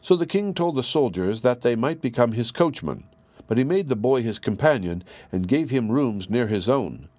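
A man narrating a fairy tale in a measured, even storybook reading. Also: mid-range voice, dry recording.

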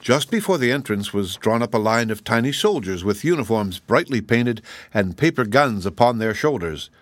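A man narrating a children's book chapter in a steady, measured reading. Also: medium pitch, no echo. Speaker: audiobook narrator. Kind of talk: scripted narration.

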